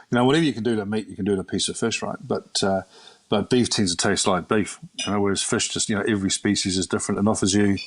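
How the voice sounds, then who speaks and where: Fast-talking New man, rambling. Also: fairly low pitch. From New Zealand. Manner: rambling, many fillers and restarts. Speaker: chef turned fishmonger. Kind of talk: conversational interview answer.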